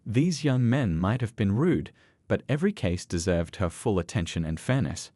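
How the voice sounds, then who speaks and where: A male narrator telling a dramatic story in a steady, scripted read. His voice is low and lively in pitch, recorded dry and close. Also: normal speed, dry recording.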